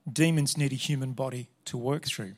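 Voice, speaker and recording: A man's voice: medium pitch, normal speed. A man preaching a sermon, earnest and emphatic as he reads Scripture and drives his points home. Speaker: pastor.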